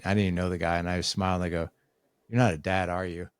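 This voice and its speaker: A man guesting on a podcast speaks at a quick pace in a smooth, low voice, captured in a dry recording. Telling his story casually, he acts out the dialogue of the people involved with animated flair.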